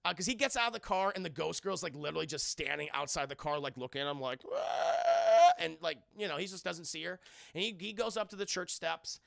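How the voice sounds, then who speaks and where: A man recapping a film to a live chat in a rambling, profane, animated way, with a gravelly voice. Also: on the high side, quick pace, dry recording, clean studio sound. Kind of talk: casual spoken film recap.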